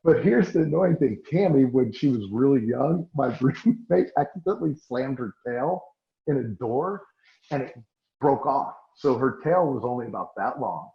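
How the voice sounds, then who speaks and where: Man, forties, from Oklahoma, easygoing podcast host with a medium-pitched voice, recorded in a roomy space. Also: animated, normal speed, gravelly. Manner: swears freely, laughs while telling stories. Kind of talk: casual chat. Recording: echoey room, dull lo-fi sound.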